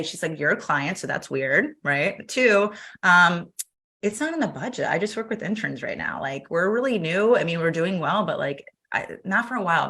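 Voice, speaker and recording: A woman guest on an interview show, telling her story in a lively, chatty way and acting out the other people's lines as she goes. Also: lowish voice. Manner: animated, acts out quoted dialogue, laughs often. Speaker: podcast guest.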